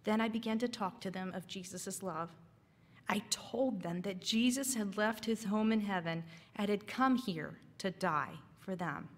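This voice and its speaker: A brave teenage girl pleads earnestly and slowly, as a woman reads her lines aloud. Her words ring out with the long reverb of a church hall. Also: medium pitch.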